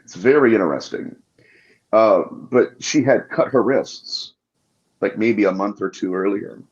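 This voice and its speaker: Male guest, low voice, passionate storyteller, muffled recording. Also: unhurried. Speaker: guest demonologist. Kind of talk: podcast interview anecdotes. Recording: dull lo-fi audio.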